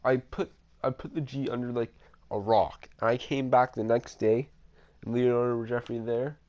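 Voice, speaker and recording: A man talks into a home computer mic while gameplay runs, telling a story from his own life. He rambles, swears freely, and often restarts his sentences. His pitch is in the middle of the usual range for a man. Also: fairly even intonation, normal speed, darkish tone. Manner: rambling, profane, with many restarts and fillers. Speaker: storytime vlogger. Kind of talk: casual storytelling over gameplay.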